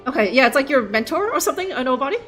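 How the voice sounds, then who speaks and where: A woman's voice: high-pitched, very animated, very fast, fairly bright tone, faint music behind. A young woman streaming a game live, joking and rambling with lots of fillers. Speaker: livestream gamer. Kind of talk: casual live gameplay commentary.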